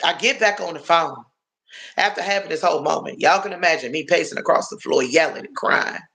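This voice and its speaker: This livestream host, a middle-aged woman from Washington, D.C., speaks in a low, creaky, fairly bright voice and at a brisk clip. Earnest and confiding, she offers viewers an emotional account of her past.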